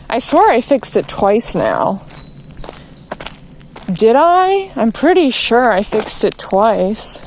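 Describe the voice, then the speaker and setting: A woman's voice: fairly high pitch, darkish tone, slight background noise. A woman streamer ranting, exasperated and profane, rambling along with many restarts. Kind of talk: ranting to camera.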